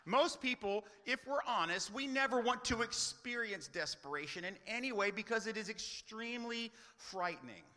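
A man's voice: sits high, lively intonation, moderate pace, hardly any pauses, bright, forceful tone, in a large hall. A man preaching a sermon as pastor, earnest, often asking rhetorical questions.

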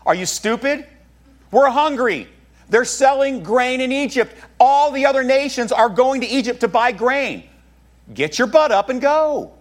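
A man preacher voicing an exasperated elderly father who gruffly scolds his grown sons to get moving. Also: high voice, animated, moderate pace, a bit bright. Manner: gruff, impatient, mocking.

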